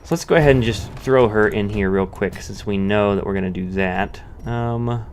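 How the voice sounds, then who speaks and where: A man's voice: fairly low pitch, normal speed, a little hiss or hum. A man giving casual let's-play commentary, thinking aloud with many restarts and fillers. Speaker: gameplay commentator.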